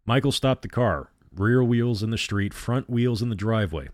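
A man reading a novel aloud as a storyteller, measured and dramatic. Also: lowish voice, animated, no room sound, studio quality. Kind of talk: audiobook-style reading of a novel.

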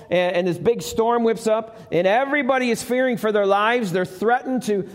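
A male pastor telling a Bible story in a conversational live sermon, asking the congregation questions. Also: high voice. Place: church sanctuary. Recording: live church with long reverb.

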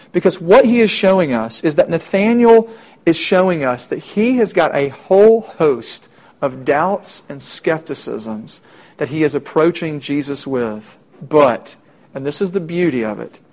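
Man, young adult, campus preacher, conversational sermon, rhetorical questions, slightly high voice. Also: expressive, normal speed, darkish tone. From Middle Tennessee. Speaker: campus minister.

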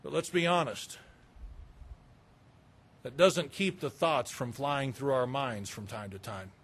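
A man's voice: mid-range voice, takes it slowly, a bit bright. A middle-aged man from the American South preaching a sermon in a candid, conversational way, with confessional asides. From Southern United States. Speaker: pastor.

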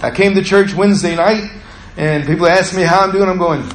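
A man preaching a sermon, telling a personal story with animated swings from hushed to loud. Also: high voice, brisk, reverberant, slight background noise, poor audio. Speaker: lay preacher.

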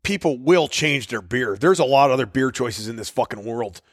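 A man co-hosting a podcast, in casual, profane banter. His voice sits at an ordinary pitch and sounds dry and close, with no room around it. He tells his stories in a loose, joking way. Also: animated, moderate pace, dry recording. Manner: swearing, storytelling, riffing. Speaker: podcast co-host. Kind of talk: casual chat.

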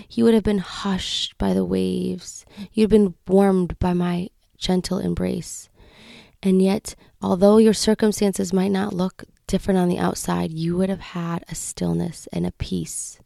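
A woman quietly voicing God as a tender, loving male presence, speaking in a hushed, slow, soothing way. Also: medium pitch, gravelly, dry recording, studio quality.

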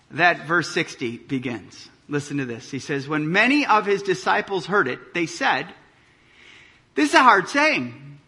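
A man preaching a sermon, reading scripture aloud and explaining it with animated emphasis. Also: high voice, breathy edge. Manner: animated preaching, reads scripture aloud, drops to quiet intensity. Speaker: pastor.

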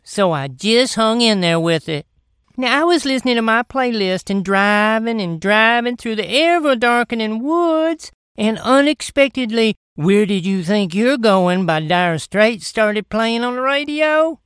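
A woman telling a folksy comic tall tale in a drawn-out, dramatic way. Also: fairly high pitch, animated, fairly bright tone, clear, resonant tone, no room sound, clean studio sound. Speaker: comic storyteller. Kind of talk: folksy comedic storytelling.

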